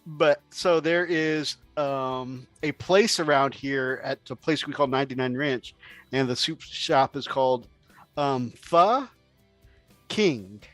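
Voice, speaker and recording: A man hosting a casual chat, joking and chiming in with quick affirmations. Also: medium pitch, fairly even intonation, a bit bright, no room sound, soft background music. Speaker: host.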